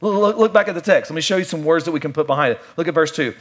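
A middle-aged man preaching a sermon in a conversational way, with playful asides and quiet, reflective stretches. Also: a little high, very fast. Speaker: pastor.

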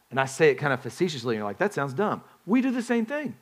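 A man's voice: on the high side, sing-song, fast, few pauses. A man preaching a sermon in a conversational way, often putting questions to the congregation and restarting his phrases. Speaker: pastor.

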